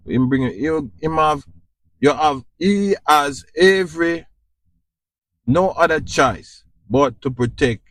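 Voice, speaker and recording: Slow, preachy Jamaican man. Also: mid-range voice, no echo. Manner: preachy, repetitive, keeps asking "you understand?". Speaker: podcast host. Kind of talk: informal spiritual monologue.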